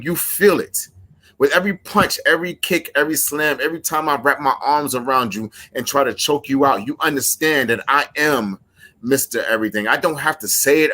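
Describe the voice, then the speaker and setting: A man's voice: mid-range voice, sharp tone. A man delivering an intense, emphatic wrestling promo to his rival. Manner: intense, emphatic, trash-talking.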